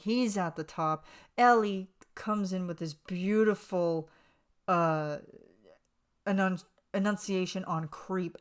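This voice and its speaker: A woman hosts her own podcast, talking through a music video as a fan. Her voice sits a little low, and she rambles emotionally, full of fillers and restarts. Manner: gushing, emotional, lots of fillers. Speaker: podcast host. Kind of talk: casual fan commentary.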